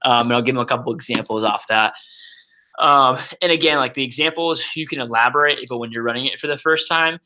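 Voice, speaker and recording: Fast-talking energetic young man coaching. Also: mid-range voice, low-quality recording. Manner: energetic and loud, says so himself, many fillers. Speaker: sales trainer. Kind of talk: casual coaching walkthrough.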